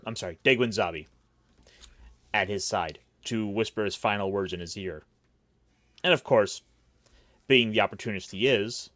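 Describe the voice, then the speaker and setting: A man's voice: fairly low pitch, fairly bright tone, no echo. A man hosting a casual roundtable chat, recapping with wry, mocking asides. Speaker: podcast host.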